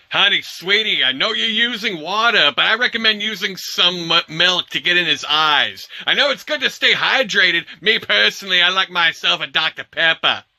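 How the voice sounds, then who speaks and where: A man doing a rowdy, bright-voiced hot-dog hawker. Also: high voice, vocal fry, voice pushed up, heavily acted. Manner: rowdy, hawking and shouting. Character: goofy male hot-dog vendor with a put-on accent. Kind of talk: comedy sketch.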